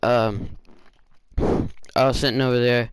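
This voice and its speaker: A man's voice: medium pitch, level tone, measured pace, clean tone, dry recording. A man hosting a channel, telling a casual storytime with rambling, filler-heavy talk. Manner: rambling, with many fillers and restarts. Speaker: gaming channel host.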